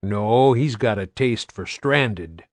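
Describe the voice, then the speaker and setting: A rough, outspoken middle-aged farmer talks in a raised, pitched-up voice, as a man reading an audiobook puts him on. He sounds blunt and rowdy. The recording is dry and close. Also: lively intonation, slow pace, no echo.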